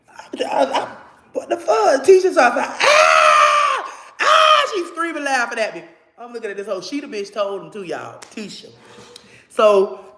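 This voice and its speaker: A woman telling a personal story to her viewers in a casual, animated and profane way. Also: lowish voice. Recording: roomy echo.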